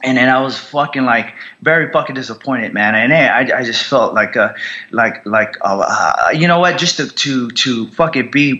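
A man's voice: medium pitch, moderate pace, pushed and bright, lo-fi sound. An American man, a combat veteran guest on a podcast, telling his story in a raw, profane way, with many restarts and fillers. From United States. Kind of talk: candid storytelling interview.

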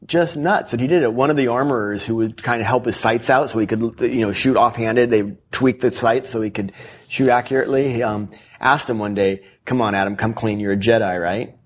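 A man's voice: medium pitch, brisk. A man who is an author, telling stories earnestly in an interview and quoting the people in them. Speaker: author guest. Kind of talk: animated storytelling interview.

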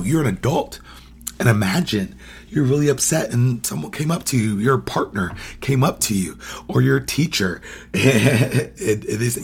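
This podcast host is a man whose mid-range voice has a breathy edge. He teaches in a casual way, quizzing his listeners, laughing often, and acting out the phrases he quotes.

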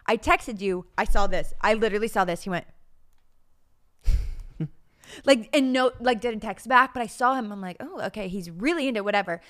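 A woman's voice: mid-range voice, normal speed, pauses often, a bit bright. A young adult woman co-hosting a podcast in casual chat, telling stories with quoted lines and frequent laughs. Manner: chatty storyteller, laughs often, acts out quotes. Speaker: podcast co-host.

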